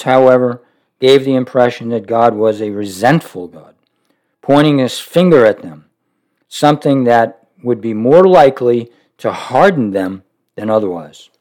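A man with a medium-pitched, slightly mellow voice reads aloud from a devotional book with earnest reflection. He pauses frequently, stepping away to add sincere personal remarks before picking the text back up.

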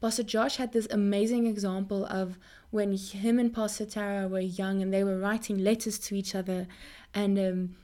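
A young woman speaking earnestly in a Christian faith talk to her viewers, often repeating words as she goes. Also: normal speed. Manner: animated pitch jumps.

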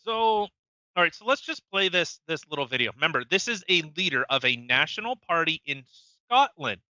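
A man co-hosts a casual podcast, swearing freely and cracking jokes. His voice sits high and very bright and rises and falls a lot. The mic sounds dry and a little dull. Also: big pitch swings, fairly quick, dry recording. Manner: crude, joking, laughs a lot. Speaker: podcast co-host.

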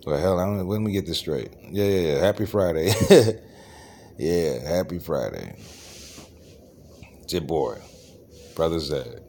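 A man hosting a solo show, delivering a profane, ranting monologue that swings from low muttering to raised outbursts. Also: normal speed, a little mellow. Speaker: ranting host.

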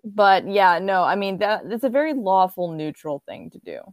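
A woman co-hosting a casual podcast, talking in a relaxed, rambling way with lots of ums. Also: mid-range voice, normal speed, dry recording, studio quality. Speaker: podcast co-host. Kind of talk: casual chat.

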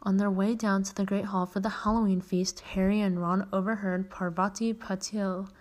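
A woman's voice: mid-range voice, level tone, normal speed, darkish tone. Woman reading a children's novel aloud. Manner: occasional stumbles and self-corrections. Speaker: podcast host reading a story.

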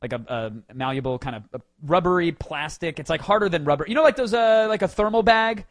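A man hosting a podcast, telling a story in a casual, comic way, with swings between loud and quiet. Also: fairly high pitch, lively intonation, brisk. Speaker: podcast host.

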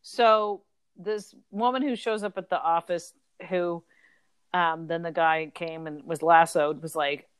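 A young adult woman co-hosting a casual book chat, animated and full of fillers. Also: fairly low pitch, unhurried, clean tone, no room sound. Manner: chatty, animated, lots of fillers. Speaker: podcast co-host.

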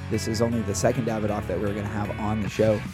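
A man's voice: lowish voice, flat delivery, quick pace, music in the background. A man co-hosting a casual podcast, talking at length and laying out the show's plans. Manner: talkative, plans the show out loud. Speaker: podcast co-host.

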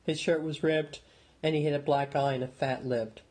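Husky-voiced man reading an audiobook. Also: fairly high pitch, low-quality recording. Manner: steady, measured storytelling. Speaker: narrator. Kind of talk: audiobook narration.

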